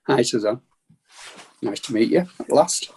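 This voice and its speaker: A man's voice: mid-range voice, expressive, measured pace, a little mellow, slightly rough. A man with a Bradford Yorkshire accent, sharing his experience in an earnest, rambling, reflective way on a video call. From England. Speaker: meeting participant. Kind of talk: casual sharing.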